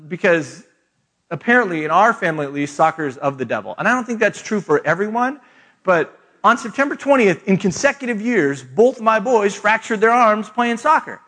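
A man's voice: sits high, pushed and bright. Man telling a self-mocking family story. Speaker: speaker. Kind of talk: humorous retreat talk.

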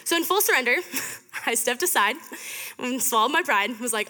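A woman's voice: on the high side, lively intonation, normal speed, bright, forceful tone. A young woman in her twenties giving a chatty, upbeat storytelling sermon to a student fellowship, with lots of fillers. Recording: reverberant hall.

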